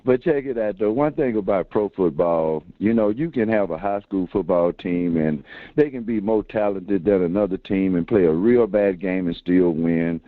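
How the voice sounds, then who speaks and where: Give me a deep-voiced male caller on a tinny phone line, relaxed and rambling. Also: normal speed, no room sound. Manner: laid-back, rambling with many fillers. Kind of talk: call-in sports talk.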